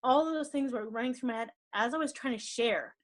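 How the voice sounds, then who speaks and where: A woman on a team call, telling a personal story about stage fright, fast and emotional, often repeating words. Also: on the high side. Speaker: network marketing team leader. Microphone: call or stream mic.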